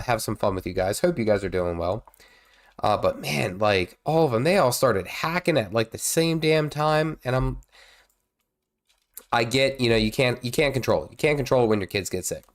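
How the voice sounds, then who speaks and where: A man in his thirties, congested with a cold, rambling casually as he streams a game and reacts to it. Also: mid-range voice. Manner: rambling, chatty, exclaims at the game. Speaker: gaming streamer. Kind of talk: casual live gameplay commentary.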